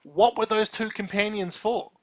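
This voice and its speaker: Man, slightly higher voice, podcast co-host, casual chat, animated, acted-out quotes. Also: moderate pace. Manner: animated, acts out quotes with laughing asides.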